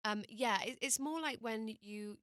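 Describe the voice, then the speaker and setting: A woman's voice: a little high, measured pace, fairly bright tone, no echo. A British woman, a singer, chatting casually as a guest in a radio studio interview, hesitant with lots of ums and little laughs.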